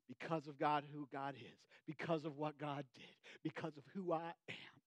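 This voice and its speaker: A man preaching a sermon as pastor, swinging between loud, emphatic bursts and hushed, low asides. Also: fairly even intonation, moderate pace, no echo.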